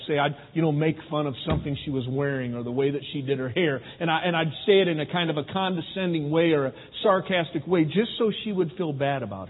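A man preaching a sermon, talking easily to his congregation and often asking them questions. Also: on the high side. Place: church sanctuary. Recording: phone-like, with long hall reverb.

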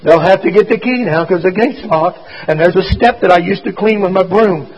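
A man's voice: sits high, husky, lo-fi sound. A man voicing a humble dying orphan boy. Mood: weak, pleading. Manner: plain, uneducated speech, slow and halting.

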